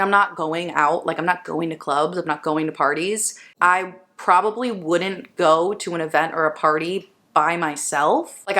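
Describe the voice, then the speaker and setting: A woman's voice: lowish voice, a bit bright. A young woman talking frankly to her viewers in a casual vlog, reading out their questions and answering with plain, unpolished words and the odd swear. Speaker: vlogger. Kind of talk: candid talking-to-camera vlog.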